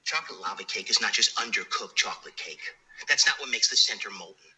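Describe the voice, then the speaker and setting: An actor playing a furious middle-aged chef who rants at a food critic, shouting and swearing with wounded pride. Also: male voice, on the low side, animated, quick pace, poor audio. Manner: shouting, profane, wounded tirade. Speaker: chef in a film scene.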